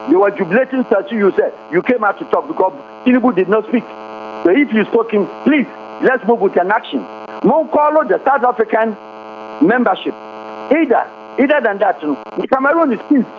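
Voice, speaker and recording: A man's voice: very high voice, expressive, a little fast. A Ghanaian man speaking as a guest commentator, impassioned and firing off rhetorical questions. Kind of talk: heated interview talk. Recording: tinny phone-like line, faint hum.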